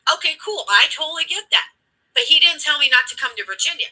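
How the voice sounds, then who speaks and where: A woman's voice: on the high side, sing-song, fairly quick, sharp tone, breathy edge, poor audio. A woman host telling a story with emphatic, blunt, profane delivery, acting out the dialogue as she goes. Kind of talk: impassioned storytelling commentary.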